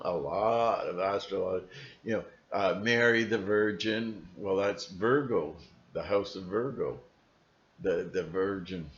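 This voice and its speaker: A man hosting his own channel in a casual, rambling monologue, chuckling and stopping to rephrase himself. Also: lowish voice. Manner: rambling, chuckling, frequent fillers and restarts. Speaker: channel host. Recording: dull lo-fi recording.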